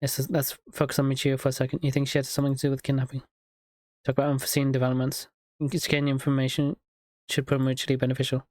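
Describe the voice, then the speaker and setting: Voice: medium pitch, completely flat delivery, a little mellow, dry recording. Streamer reading game dialogue, dry. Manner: reads lines quickly, laughs and riffs.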